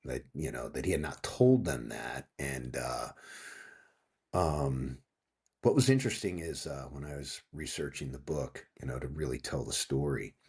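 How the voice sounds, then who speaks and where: A man's voice: a bass voice, moderate pace, breathy edge. A man in his fifties from Pennsylvania, a guest author telling a story in a casual interview, acting out what people said and swearing freely. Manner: animated storyteller, acting out quotes, frequent profanity.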